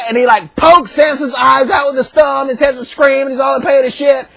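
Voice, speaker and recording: A man retelling a story as crude, profane comedy, slipping into shouted character voices. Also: very high voice, fairly even intonation, fairly quick, gravelly, hardly any pauses, no room sound. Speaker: comedic narrator.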